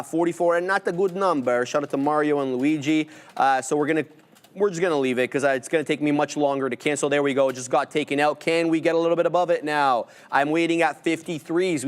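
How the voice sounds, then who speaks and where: A man co-hosting a live trading stream, calling out price levels and order fills as they happen, with playful asides in between. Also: fairly high pitch. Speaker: day trader co-hosting a live market stream.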